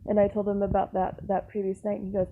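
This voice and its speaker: A young woman vlogging, telling a personal story in a chatty, animated way, full of restarts and exasperated asides. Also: mid-range voice, quick pace, narrow, tinny audio, slight background noise. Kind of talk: casual storytelling.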